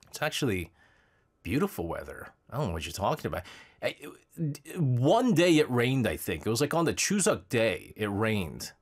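A man hosting a live show, chatting casually and rambling between listener messages with frequent laughs. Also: mid-range voice. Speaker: radio show host reading listener messages.

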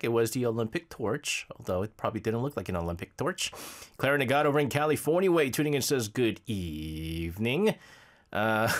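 A man hosting a live show, chatting casually and rambling between listener messages with frequent laughs. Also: medium pitch. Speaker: radio show host reading listener messages.

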